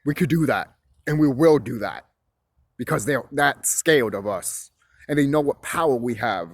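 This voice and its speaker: Speaking at a normal speed with medium pitch and an expressive delivery, a young male vlogger rambles on a cold hillside, cursing and restarting his lines while shivering slightly. The audio is studio quality with no echo.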